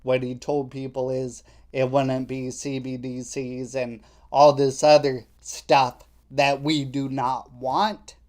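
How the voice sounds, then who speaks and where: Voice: medium pitch, little pitch movement, slow pace, few pauses, darkish tone. A live stream host giving political commentary in a skeptical, indignant way.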